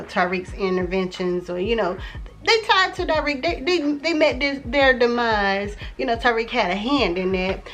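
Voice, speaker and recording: Chatty woman recapping a TV episode. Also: mid-range voice. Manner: chatty, loose, many "you know" fillers; excitable, reacts with exclamations. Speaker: TV recap vlogger.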